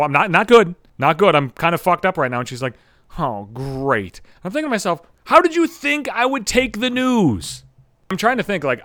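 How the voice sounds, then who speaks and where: A man's voice: on the high side, fairly bright tone, no room sound, studio quality. A young adult man hosting a podcast, telling a rambling, swear-filled story in an exasperated way. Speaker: podcast host. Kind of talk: profane storytelling monologue.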